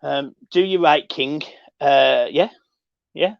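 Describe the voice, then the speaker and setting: A man's voice: fairly high pitch, slow, vocal fry, dry recording, muffled recording. A man hosting a casual live stream, chatting upbeat and reading out viewer comments.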